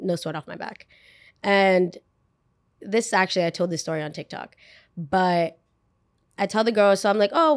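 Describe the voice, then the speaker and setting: A young woman casually telling a retail work story, animated and full of fillers, acting out what people said. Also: lowish voice, no echo, clean studio sound. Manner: animated, lots of "like", acts out quotes.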